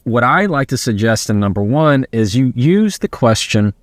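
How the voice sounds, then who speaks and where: A man giving a conversational motivational talk on handling rude remarks. He slows down on the key phrases he quotes. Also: mid-range voice, very animated, no room sound, clean studio sound. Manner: conversational, acts out quoted phrases in slow deliberate tones. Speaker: speaker giving communication advice.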